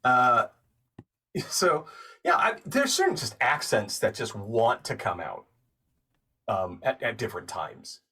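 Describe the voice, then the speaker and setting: A young man chatting as a podcast guest, an animated storyteller who swings from low mumbling to loud excited bursts. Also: slow, pauses often, slightly rough, recorded from a distance. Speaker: podcast guest, actor and narrator. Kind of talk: casual chat.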